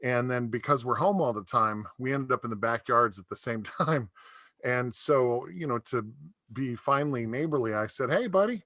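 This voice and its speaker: A man's voice: medium pitch, expressive, normal speed, fairly bright tone, no room sound. A middle-aged man doing a stand-up comedy set over a video call, telling rambling stories and laughing at his own jokes.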